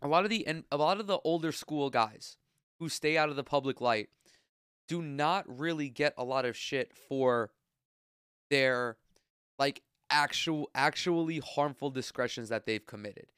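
Congested guy ranting on his sports podcast, swears a lot, smooth clear voice, dead dry room, close mic. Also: fairly high pitch, unhurried, fairly bright tone, dry recording. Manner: blunt, profane, exasperated ranting. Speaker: podcast host. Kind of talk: solo sports opinion podcast.

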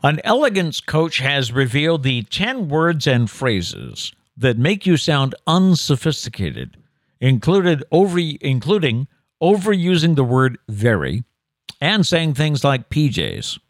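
A man's voice: fairly high pitch, sing-song, a little slow, no echo, clean studio sound. A male co-host chatting casually and reading an article aloud, with a mock-formal emphasis on the words he reads out. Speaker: co-host of a daily news show.

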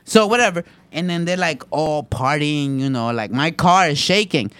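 A young man tells a rowdy story to his friends and acts out every voice in it. His voice is high and bright, and his pitch swings widely. The sound is close and dry. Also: moderate pace, clean tone, dry recording. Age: 20s. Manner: animated, profane storytelling, acts out quoted voices. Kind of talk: casual chat.

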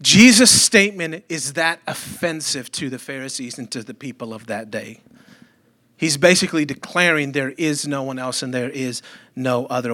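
A man delivers a Sunday sermon in a church with a high, bright voice. He preaches in a loose, conversational way, tossing rhetorical questions and light jokes to the congregation. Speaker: pastor.

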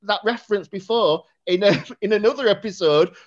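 Speaking at a moderate pace in a mid-range voice, this podcast co-host rambles through a casual film chat packed with fillers. It's captured on a dull, lo-fi recording.

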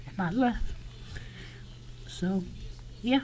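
A man talking alone on his podcast in a halting confessional monologue, often dropping to a whisper and swearing. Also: on the high side, darkish tone, slight background noise, rough recording. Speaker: podcast host.

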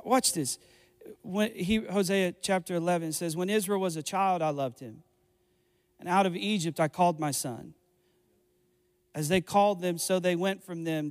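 A man preaching a sermon, earnest and building to impassioned appeals to the congregation. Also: high-pitched. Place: church hall. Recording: echoey hall with faint music. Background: faint music.

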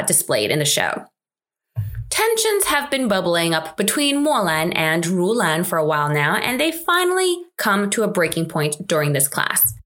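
A woman's voice: medium pitch, fairly bright tone. A woman hosting a drama recap, narrating scripted commentary in a wry, chatty, lightly sarcastic way.

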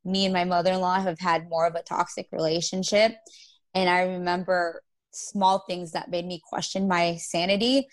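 A woman giving an emotional, halting account of her own experience as an interview guest. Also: fairly low pitch, level tone. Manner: emotional, halting storytelling with many fillers. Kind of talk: personal testimony interview.

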